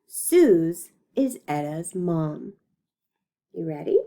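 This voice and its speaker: With a fairly low, dark-toned, expressive voice, this female teacher guides young children through phonics, patiently modeling and stretching each word and offering encouragement.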